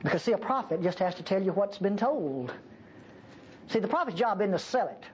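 A woman's voice: mid-range voice, expressive, brisk, a little mellow, lo-fi sound, slight background noise. A woman preacher giving an emphatic, folksy sermon in a church.

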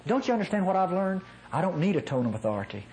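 Animated folksy nasal preacher man. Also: high-pitched, quick pace, rough recording. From North Mississippi. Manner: folksy, chuckling asides, animated emphasis. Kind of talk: conversational sermon.

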